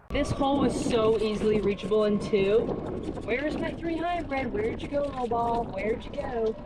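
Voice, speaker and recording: A young woman chats to herself as she plays golf outdoors, cheering and coaching her own shots. Her voice sits a little high. Clear outdoor noise runs under her voice. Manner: chatty, talks to herself over shots. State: out of breath from running between shots. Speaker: golf vlogger. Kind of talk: casual self-narrated golf vlog. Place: outdoor golf course at dusk.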